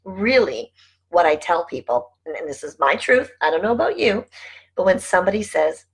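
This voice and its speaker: Husky-voiced woman in her middle years rambling on her vlog, low-ish voice, laughs a lot. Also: animated, moderate pace, poor audio. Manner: chatty, laughs often, rambling asides. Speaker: vlogger and network marketing team leader. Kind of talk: casual chat to camera.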